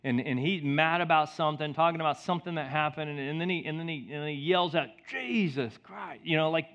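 A middle-aged man preaches a sermon in a high, lively voice, moving from booming exclamations to hushed, earnest lines. The recording is dull and lo-fi, with the top end muffled. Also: quick pace. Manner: animated storytelling, swinging from loud to soft. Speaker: pastor.

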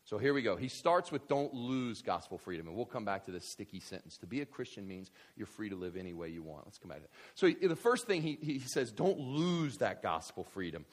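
Man, pastor, preaching a sermon, husky voice, very lively intonation, conversational and animated. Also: on the low side, fairly quick, hardly any pauses. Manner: conversational and animated, swinging from hushed asides to fired-up exclamations. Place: church hall with congregation.

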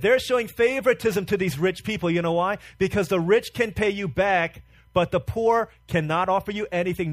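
A man preaches with fervor, piling up rhetorical questions and dropping to hushed tones for emphasis. His voice sits fairly high for a man, and the close, dry recording leaves almost no room sound. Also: no room sound. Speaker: pastor. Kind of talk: sermon.

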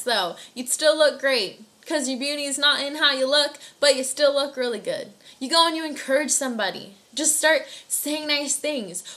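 Young woman doing a casual devotional, bright voice, earnest, lots of "like". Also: sits high. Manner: earnest and encouraging, with frequent fillers. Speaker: youth devotional speaker.

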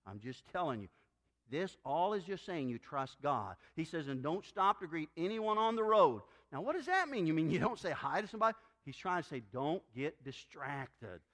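Male pastor, fairly high voice, very lively pitch, sermon delivery that acts out voices. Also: fairly quick. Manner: animated preaching, acts out quoted voices.

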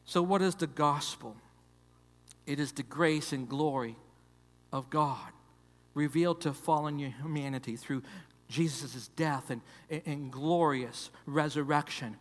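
Male pastor, high voice, preaching in a church hall with a long echo. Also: measured pace. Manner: preaching with repetitions, swings from loud emphasis to hushed. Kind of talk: sermon. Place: church sanctuary.

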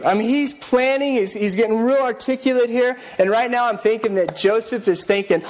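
High-voiced man preaching a lively sermon. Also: a little fast, few pauses, poor audio. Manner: lively, conversational preaching with acted-out inner monologues.

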